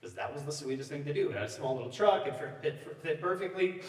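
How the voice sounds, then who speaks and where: A middle-aged male pastor preaching in a loose, joking way, pulling listeners in with "you know what I mean?" His voice sits a bit high for a man. It rings through a large hall with long reverb, heard from some way off the mic. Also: lively intonation, fast talker. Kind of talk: sermon with personal storytelling. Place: church sanctuary. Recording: echoey church hall, mic at a distance.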